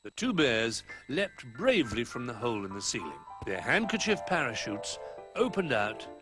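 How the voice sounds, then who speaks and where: A man reading a children's storybook aloud in an expressive way, dropping to a hush for the quiet moments. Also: mid-range voice, normal speed, music in the background, poor audio. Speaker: narrator.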